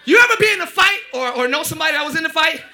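A man preaching a lively sermon as pastor, often shouting and joking with the congregation. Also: very high-pitched, racing. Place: church sanctuary.

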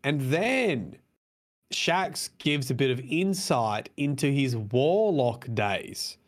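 A man's voice: medium pitch, expressive, slow. A man co-hosting a casual chat. He rambles, swears freely and fills gaps with "um" and "like". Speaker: podcast co-host.

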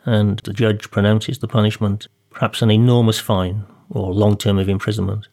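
A man with a low, gravelly voice co-hosting a talk on preaching. He affirms what he hears and often ends with tag questions. He reads scripture in a steady, slow way. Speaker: co-host asking about sermons. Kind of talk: conversational discussion and scripture reading.

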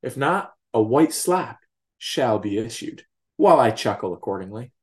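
A man hosts a relaxed podcast about a TV series, speaking at an ordinary middle pitch. He plays the host in a jokey, mock-grandiose way and swears freely. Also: normal speed. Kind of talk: casual podcast chat.

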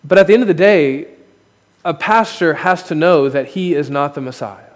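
Guy pastor preaching at the podium mic, candid, jokes about himself, kinda higher voice, long echo off the church walls. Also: normal speed. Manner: candid, self-deprecating preaching with rising emphasis. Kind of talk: sermon. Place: church sanctuary. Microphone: podium microphone. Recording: long hall reverb.

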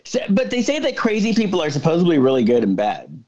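Lively man on dull lo-fi audio. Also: on the high side, fast. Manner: retells scenes with quoted lines. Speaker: podcast co-host. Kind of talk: casual movie recap chat. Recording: dull lo-fi sound.

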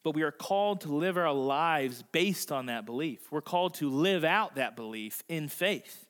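A male pastor preaching a conversational sermon, slowing down and softening his voice for emphasis. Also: on the high side, animated. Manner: acts out voices in quotes. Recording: long reverb of a large hall.

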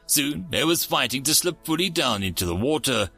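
Guy reading a story out loud, bright lively voice, soft music behind. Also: mid-range voice, normal speed, gravelly, husky. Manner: expressive, animated reading. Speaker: narrator. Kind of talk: audiobook story narration.

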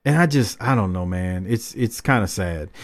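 A man's voice: lowish voice, expressive, moderate pace. A man hosting a podcast, chatting casually and rambling through fired-up opinions. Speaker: podcast host.

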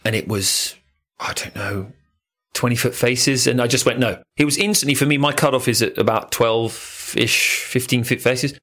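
A man co-hosting a casual surf podcast, telling stories in a lively, jokey way and swearing freely. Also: medium pitch, moderate pace. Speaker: podcast co-host. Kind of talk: casual chat.

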